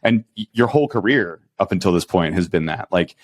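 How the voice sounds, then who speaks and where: A man hosting a podcast interview, chatty and eager, reacting quickly to his guest. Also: deep voice, dry recording, studio quality. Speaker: podcast host. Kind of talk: casual interview chat.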